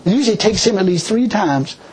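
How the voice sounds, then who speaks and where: Expressive and a little mellow, with a slightly rough voice, a man preaches and tells his personal testimony in a folksy style full of restarts. He voices God in a low, slow register, captured on a rough recording.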